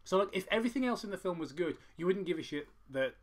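A man's voice: sits high, lively intonation, fast talker. A man hosting a casual film commentary, sweary, rambling and sarcastic. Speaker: commentary host.

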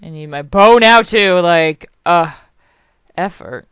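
A woman's voice: lowish voice, slow pace, a bit bright, smooth, dry recording. A young woman rambling and swearing through casual let's play commentary as a game channel host, apologizing often.

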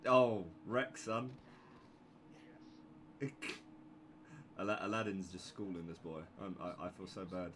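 A man's voice: low-pitched, slow, long pauses, background noise. A young man commentating casually on his own gameplay, sweary and sarcastic, with sudden yelps and laughs.

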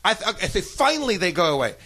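A man's voice: high-pitched, fast talker, husky. A man from Milwaukee telling a story on a podcast, stammering and repeating words and laughing as he goes. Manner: stammering, animated, laughs through stories. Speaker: podcast guest telling stories. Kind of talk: casual storytelling chat.

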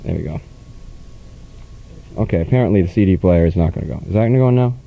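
A man's voice: sits low, fast talker, gravelly, phone-quality sound. A man hosting a college radio show, teasing his guest in a sarcastic, mock-rude way. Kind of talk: casual late-night radio banter. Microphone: studio microphone.

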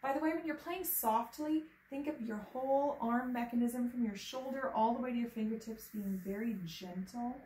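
A woman teaching an online piano lesson, patiently explaining and chanting rhythm patterns and solfege. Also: fairly high pitch. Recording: echoey room with faint ambient noise.

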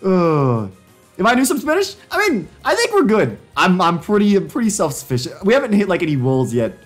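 A young man live-streaming, chatting casually and joking excitedly with himself while working through language drills. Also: brisk, soft background music. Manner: jokey, excitable, laughing self-commentary with sudden pitch jumps.

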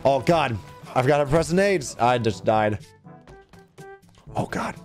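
A young adult man streaming, excitedly opening a snack box and playing a shooter while talking to his chat, with a light lilt. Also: medium pitch, a little slow, soft background music. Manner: enthusiastic, exclaiming, talks to chat.

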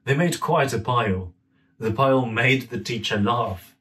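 Young guy reading a kids story, slow and gentle, mic a bit far off. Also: mid-range voice. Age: young adult.

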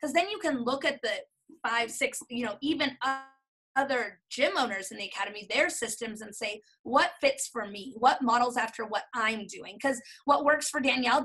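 A woman's voice: a little high, fairly bright tone, husky, rough recording. Enthusiastic chatty woman coach. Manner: enthusiastic, chatty, self-correcting. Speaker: gym owner and coach. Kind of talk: casual webinar talk.

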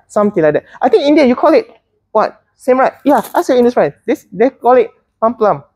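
A woman's voice: on the high side, sing-song, a little fast, darkish tone, husky, no echo. A woman teaching a botany class, chatty and teasing, often restarting her words. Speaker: botany lecturer. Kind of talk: classroom lecture.

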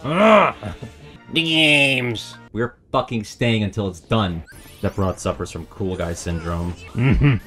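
A man streaming a video game, joking and swearing in excitable live commentary. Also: on the low side, slow, faint music behind.

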